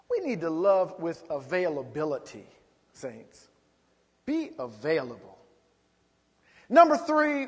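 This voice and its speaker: A man's voice: high-pitched, very animated, a little slow, long reverb tail. A man preaching a sermon as pastor, rising into emphatic calls to the congregation.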